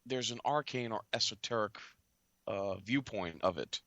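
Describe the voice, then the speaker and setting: A man with a somewhat low, bright, forceful voice talks in a loose, rambling way, jumping between points and often trailing off. He sounds close and dry, like a casual talk-show host. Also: expressive, moderate pace, dry recording. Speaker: podcast host.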